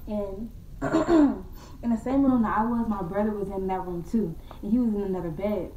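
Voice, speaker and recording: A young woman casually telling a true ghost story to her viewers, slangy and animated, calling them y'all and acting out her own scared voice. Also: mid-range voice, moderate pace, far from the mic, slight background noise. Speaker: vlogger. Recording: echoey room from off-mic.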